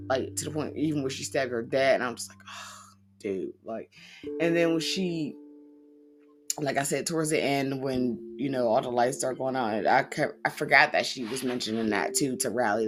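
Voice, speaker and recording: A woman co-hosting a casual horror movie podcast, rambling and acting out scenes as she talks. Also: very deep voice. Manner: rambling, laughs easily, mimics characters. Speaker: podcast co-host. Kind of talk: casual movie review chat.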